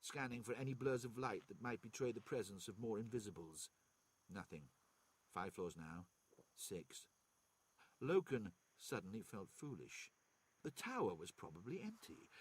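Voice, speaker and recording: Norwegian man, second-language reader, steady narration, husky. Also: medium pitch, normal speed, no room sound. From Norway. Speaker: streamer reading aloud. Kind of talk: reading a novel aloud.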